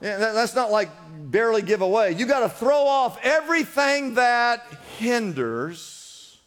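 A man's voice: extremely high pitch, sing-song, a little slow, a bit bright, in a large hall. A man preaching a sermon as pastor, urging his congregation on with emphatic, repeated exhortations. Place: church in Los Angeles.

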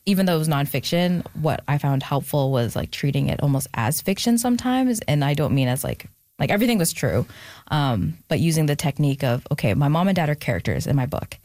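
A woman's voice: low voice, lively intonation, brisk, darkish tone, no echo. A young adult woman, an author being interviewed, talking reflectively with frequent fillers and restarts. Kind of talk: candid conversational interview.

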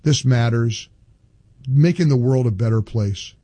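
An older man hosting a talk radio show, speaking in an animated, emphatic way and often repeating himself. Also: mid-range voice, measured pace, no room sound.

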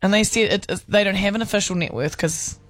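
A co-host in a casual chat, playful and quick to laugh. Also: medium pitch, no echo. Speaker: podcast co-host.

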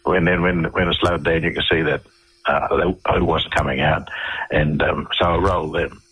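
Husky low-voiced Australian man. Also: fairly even intonation, a bit bright, poor audio. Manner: halting, with many restarts and repeated words. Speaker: interview guest. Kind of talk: storytelling in a radio interview.

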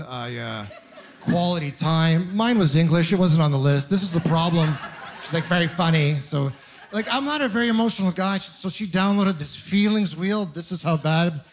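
A young adult man doing a stand-up comedy set, telling rambling, self-mocking stories with quick asides and stammering restarts. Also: a little high.

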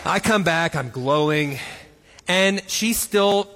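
A man with a high, bright voice tells his side of a story to a live crowd. He is easygoing and jokes at his own expense. A long hall echo trails his words. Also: lively intonation, slow pace, slight background noise. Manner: easygoing, self-deprecating humor. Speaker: co-speaker, the husband. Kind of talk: storytelling talk to a live audience. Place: large hall with an audience.

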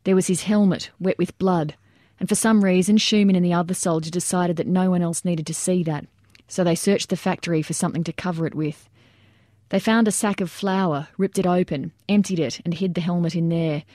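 A woman reading a scripted nonfiction account in a measured, plain storytelling manner. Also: fairly low pitch, fairly even intonation, dark tone, dry recording, clean studio sound. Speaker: narrator.

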